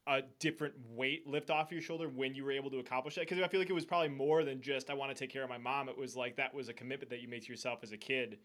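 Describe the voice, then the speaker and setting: A man's voice: medium pitch, very fast, hardly any pauses, a bit bright. A man interviewing a guest, asking long, reflective questions. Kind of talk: casual interview.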